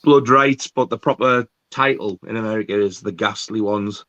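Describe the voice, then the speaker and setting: A man with a low voice, co-hosting a casual film chat, hesitant with many ums and dry verdicts. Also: normal speed, pushed and bright, muffled recording. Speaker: co-host of a film live stream.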